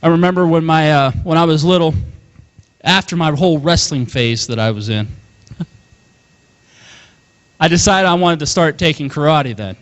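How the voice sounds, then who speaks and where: A young man preaching a sermon as pastor, animated, calling out to his congregation and chuckling often. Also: fairly high pitch, moderate pace, long pauses.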